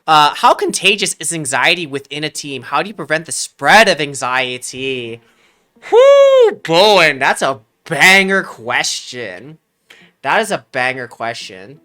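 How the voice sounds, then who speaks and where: A man in his thirties from Hawaii, an esports coach hosting a casual livestream, answering viewer questions in an animated, jokey, slangy way. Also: a little high, unhurried. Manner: animated storyteller, jokey and self-mocking, slangy. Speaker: esports performance coach and stream host.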